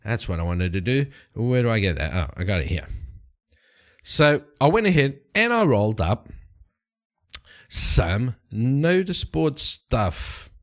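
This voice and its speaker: A man's voice: mid-range voice, big pitch swings, unhurried. A young man casually narrating his solo tabletop game, rambling with fillers and restarts.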